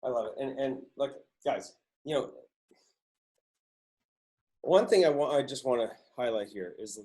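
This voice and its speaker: A man's voice: mid-range voice, expressive, unhurried, darkish tone. A man hosting a podcast, talking casually in an emphatic, profane way that hammers his points home. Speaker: podcast host.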